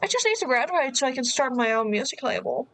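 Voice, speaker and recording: A woman voicing an arrogant male high-school bully, reading his taunting lines from a dating game. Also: very animated, fast talker, fairly bright tone, no echo, full character voice. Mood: menacing. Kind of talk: reading a game's lines aloud.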